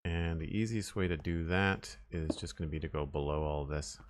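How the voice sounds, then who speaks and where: A man's voice: rumbling low, fairly even intonation, normal speed, dry recording. A man streaming a survival game, thinking aloud and mumbling as he plays, trailing off with "uh" and reading chat now and then. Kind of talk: casual gameplay commentary.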